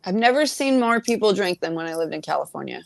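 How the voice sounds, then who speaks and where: A woman bartender chatting casually as a podcast guest, blunt and quick to swear and laugh. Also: on the low side, sing-song, creaky, no echo. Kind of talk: casual chat.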